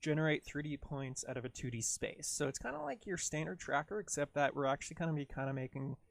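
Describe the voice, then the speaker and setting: A man's voice: a little high, animated, fast talker, creaky. A man casually talking through his video editing on a livestream, rambling and jokey as he narrates each step. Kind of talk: casual live tutorial talk.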